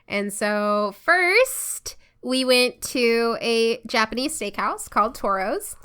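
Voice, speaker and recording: A woman co-host chats away, telling a story in a lively, laughing way. Her voice is bright and clear, sitting slightly high. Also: slow. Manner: chatty storyteller, laughs often. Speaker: podcast co-host. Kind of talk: casual chat.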